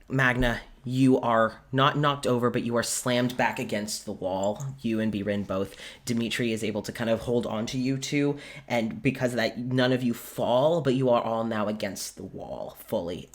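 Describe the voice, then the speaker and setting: A man narrating a tabletop game as game master, quick and descriptive, stopping to correct names. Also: fairly low pitch.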